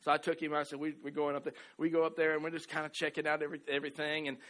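A middle-aged man from the American South preaching a sermon, telling a story with many restarts and repeated words, swinging from loud exclamations to soft asides. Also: a little high, completely flat delivery, rapid-fire. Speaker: pastor.

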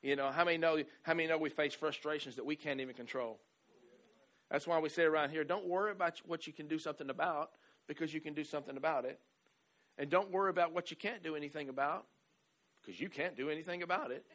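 A man preaching a sermon, moving between quiet conversational asides and loud emphatic declarations, often adding "right?" and "amen". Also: on the high side, quick pace. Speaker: pastor.

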